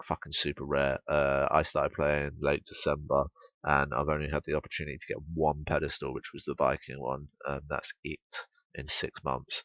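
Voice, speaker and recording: A man's voice: very deep voice, vocal fry, fairly bright tone, no room sound, lo-fi sound. A young English man giving blunt, sweary, rambling commentary on a game patch. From England.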